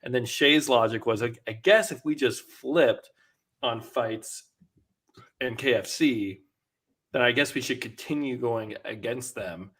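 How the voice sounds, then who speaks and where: Speaking a little slowly in a medium-pitched voice, this man co-hosts a laid-back recap podcast about a reality show. He gets animated when performing what the contestants said.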